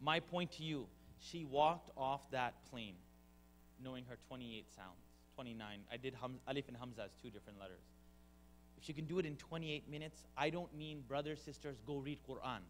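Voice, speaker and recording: A man teaching to an audience as a lively storytelling lecturer, acting out sounds and teasing the crowd. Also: medium pitch, normal speed, slight background noise. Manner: animated, mimics sounds and voices, teases the crowd. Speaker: Quran teacher and speaker.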